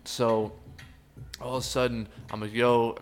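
A man's voice: medium pitch, little pitch movement, a little slow. A young man, telling a wild story on a podcast with lots of swearing and acted-out quotes. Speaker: podcast co-host. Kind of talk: casual storytelling chat.

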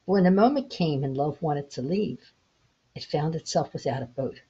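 A woman in her sixties hosting her own podcast, gently telling a parable in an unhurried, reflective way. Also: deep voice, expressive, husky. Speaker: podcast host. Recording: dull lo-fi home recording.

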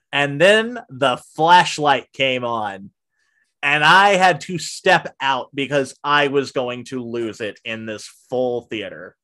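A man in casual conversation, animatedly telling a story from his job managing a theater, often dropping to hushed asides when quoting himself. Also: mid-range voice, animated, slow pace.

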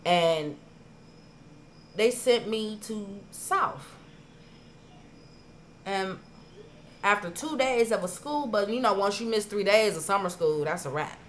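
A woman on a podcast telling stories in casual chat, profane and animated, acting out her own past arguments. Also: medium pitch, takes it slowly, long pauses, a little hiss or hum. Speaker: podcast co-host.

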